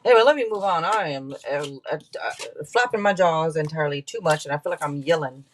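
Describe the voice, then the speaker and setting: A woman giving a casual tarot reading on a live stream, chatty and quick to laugh as she talks straight to her viewers. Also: low voice, slight background noise. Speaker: tarot reader.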